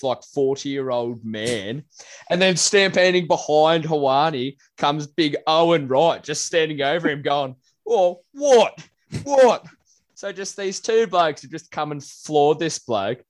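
A young Australian man co-hosting a casual podcast, telling lively anecdotes and acting out the people in them. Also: fairly high pitch. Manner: animated storyteller, voices people in anecdotes. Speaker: podcast co-host. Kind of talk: casual chat.

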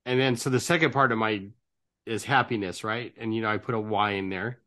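A man's voice: on the low side, steady tone, a little fast, bright, forceful tone. A man hosting a casual interview, earnest and encouraging, who tags nearly every phrase with "right?". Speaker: podcast host and life coach.

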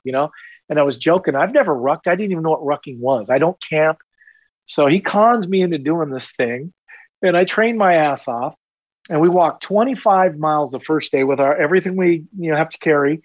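A man's voice: on the high side, a little fast, no echo, dull audio. A man in his fifties, a retired police officer, telling stories in a casual podcast interview with rambling energy and self-deprecating humor.

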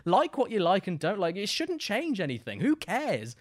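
A man, a guest on a gaming podcast, chatting casually in an animated way, repeating himself for emphasis and swearing freely. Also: sits high, moderate pace, hardly any pauses.

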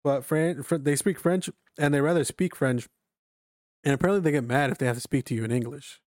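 A man's voice: on the high side, a little fast, a little mellow, no echo, studio quality. A man from the United States in casual podcast chat, rambling with many fillers and frequent swearing.

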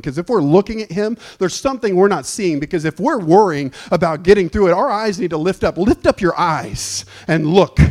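Guy preaching a sermon in church, kinda high voice, gets loud and fired up telling stories. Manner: animated, storytelling, breaks into shouted excitement. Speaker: pastor.

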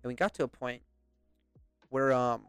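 A young British podcast host with a mid-range, slightly bright, smooth voice speaks at normal speed on a dry close mic, with soft background music. He tells stories casually and ramblingly, swearing a lot and laughing along.

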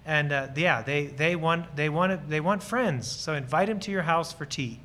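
Earnest man with a bright, forceful voice. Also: on the high side, normal speed. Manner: earnest and enthusiastic, telling personal stories; acts out short bits of dialogue while explaining. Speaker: guest speaker on ministry. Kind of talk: church talk with audience questions.

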